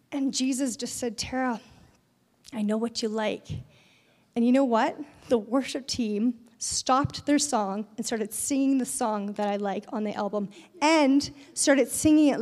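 High-voiced woman telling a church story. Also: in a large hall. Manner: animated storytelling, acting out voices in quotes. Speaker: speaker at a church event. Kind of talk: conversational sermon with personal story.

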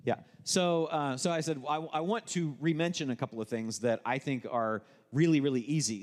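Man presenting to a live audience, echoing hall. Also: mid-range voice. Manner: conversational, explanatory, with frequent restarts. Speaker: co-host presenting at a live workshop. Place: event room with an audience.

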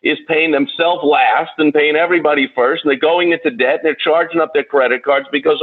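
A man's voice: a little high, steady tone, brisk, few pauses, slightly rough. A man working as a business coach who rants in a fired-up, blunt way on a talk show. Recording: tinny phone-like radio sound.

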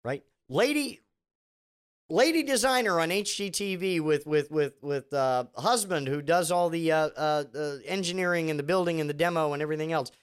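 A man's voice: on the high side, normal speed, clean tone. A man delivering a rambling, sarcastic comedic rant, full of restarts and asides.

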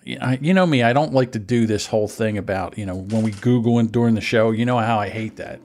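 A man co-hosting a podcast in crude casual banter, animated and breaking into loud chants and mock shouts. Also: on the low side, quick pace. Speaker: podcast co-host.

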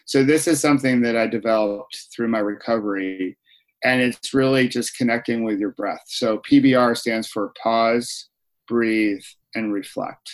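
A man who writes and speaks, appearing as a guest on a podcast. He talks in an easygoing, reflective manner at an ordinary mid-range pitch. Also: measured pace. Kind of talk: casual interview chat.

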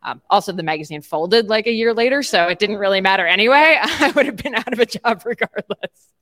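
A woman's voice: mid-range voice, fairly quick, fairly bright tone, dry recording, studio quality. A woman hosting an interview in casual chat, conversational and self-deprecating, with frequent "like" and "um". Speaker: host.

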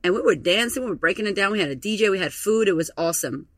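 A woman's voice: medium pitch, lively intonation, rapid-fire, no room sound. A woman hosting her own podcast as a confidence coach, speaking in a gushing, emotional way with plenty of swearing. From Melbourne area. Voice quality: profane, gushing, emotional storyteller. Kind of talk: casual podcast monologue.

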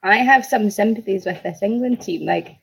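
A woman on a podcast, telling anecdotes in a lively, chatty way. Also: medium pitch, brisk, gravelly, slightly rough, rough recording. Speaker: podcast guest. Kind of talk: casual podcast chat.

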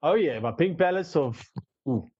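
A man's voice: a little high, animated, normal speed, husky, dry recording, muffled recording. A South African man co-hosting a podcast, jokey and playful. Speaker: podcast co-host. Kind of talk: casual podcast banter.

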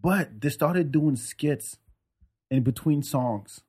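A man's voice: fairly high pitch, slow, slightly rough. A man hosting a podcast, chatting casually and telling stories with comic voice impressions. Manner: animated storyteller, mimics voices for jokes. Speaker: podcast host. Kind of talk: casual comedic chat.

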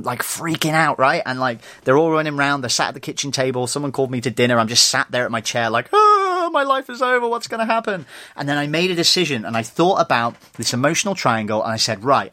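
A man's voice: medium pitch, bright, forceful tone. A young man hosting a solo motivational podcast, telling a personal story in a candid way and speaking straight to his listeners. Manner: candid, storytelling, addresses listeners as "you guys". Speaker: podcast host.

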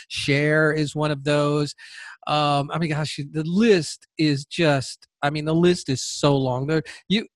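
A male podcast host with a slightly high voice, talking in a loose, rambling monologue. He stumbles over and repeats words and often wanders off topic. The recording is dry and close. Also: no echo.

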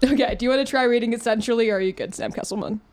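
A woman's voice: fairly high pitch, very fast, a little mellow, slight background noise. A young woman hosting a casual podcast chat, bubbly and teasing, often giggling. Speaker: podcast host.

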